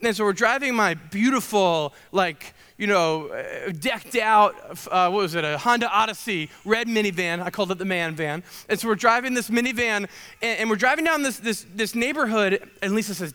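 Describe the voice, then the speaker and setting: A man's voice: high voice, lively intonation, normal speed, sharp tone, clear, resonant tone, in a large hall. A man in his thirties preaching a sermon, telling chatty self-deprecating stories full of fillers. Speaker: pastor.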